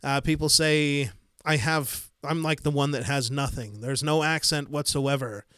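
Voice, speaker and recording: A man from the United States with a Midwestern accent, hosting a casual livestream and answering viewer comments in a rambling, easygoing way with soft chuckles. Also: on the high side, fairly even intonation, measured pace, clean tone, dry recording, studio quality. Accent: Midwestern American. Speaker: livestream host. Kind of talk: casual live-stream chat, reading viewer comments.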